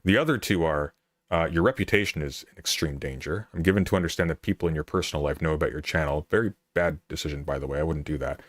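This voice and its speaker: Brief: very low male voice, dry sound, measured, firm delivery. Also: no echo. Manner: calm, measured, firm and lecturing. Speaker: interviewer.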